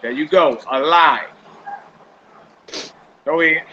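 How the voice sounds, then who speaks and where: A man with a slightly raised voice leads a class through a reading drill. He talks casually, says y'all and repeats each word as he goes. The recording sounds muffled, and steady noise runs underneath. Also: a little high, slow pace. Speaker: teacher. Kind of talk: classroom language lesson. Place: classroom with a group of students.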